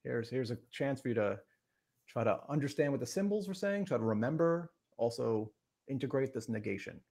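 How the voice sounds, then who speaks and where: A man with a gravelly, creaky voice leads a casual logic lesson on a live stream. He often restarts his sentences and keeps the tone playful. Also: mid-range voice, expressive, a little fast, a little mellow. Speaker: podcast host teaching logic.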